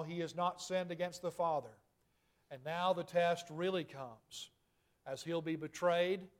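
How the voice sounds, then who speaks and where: A man preaching a sermon, reading scripture aloud and explaining it earnestly, growing louder and higher at emphatic moments. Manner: rises in pitch and volume at emphatic points.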